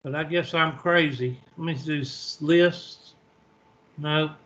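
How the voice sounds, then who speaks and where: Slow, bright-voiced man teaching math. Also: on the high side, fairly even intonation, lo-fi sound. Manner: flustered, talking to himself while searching. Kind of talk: online class lecture.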